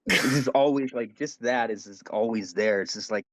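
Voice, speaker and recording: A man's voice: medium pitch, normal speed, no room sound, studio quality. A man co-hosting a podcast, telling a rambling, profane story in casual chat. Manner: rambling storytelling, swears a lot. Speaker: podcast co-host.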